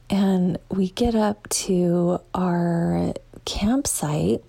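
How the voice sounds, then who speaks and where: Husky-voiced woman telling a spooky story. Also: fairly low pitch, very slow. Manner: drops into a hushed whisper often; animated, quotes herself in a lively voice. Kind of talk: casual storytelling.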